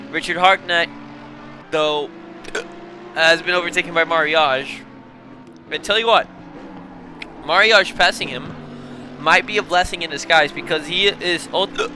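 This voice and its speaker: A young man calls a sim race live through a bad case of hiccups, his voice sitting fairly high and his delivery slow and drawn out. Between calls he apologises and laughs at himself. Steady engine noise runs under the stream. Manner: flustered, self-mocking, apologetic between calls. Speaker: sim racing commentator.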